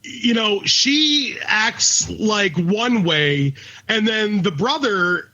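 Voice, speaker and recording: A man's voice: high voice, lively intonation, very slow, pushed and bright. A man co-hosting a casual podcast, talking in a blunt, profane rant. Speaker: podcast co-host. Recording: dull lo-fi recording.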